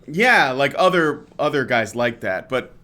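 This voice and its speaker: A man's voice: mid-range voice, animated, unhurried, bright, forceful tone. A male podcast host in a heated casual rant, swearing often, exasperated, stumbling through fillers and restarts.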